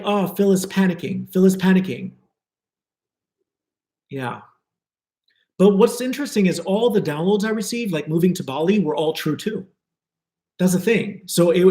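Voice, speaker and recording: A man's voice: fairly high pitch, dark tone, echoey room. A man giving a live spiritual talk to his viewers, earnest and flowing, repeating words for emphasis. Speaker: spiritual teacher.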